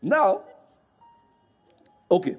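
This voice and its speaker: A man preaching a sermon, often laughing and firing rhetorical questions at his audience. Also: drawn-out words. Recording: muffled recording with faint music.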